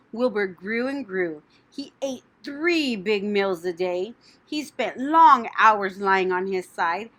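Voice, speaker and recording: Narrator: woman, bright voice, lively pitch, children's story reading. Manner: expressive, animated. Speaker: audiobook narrator.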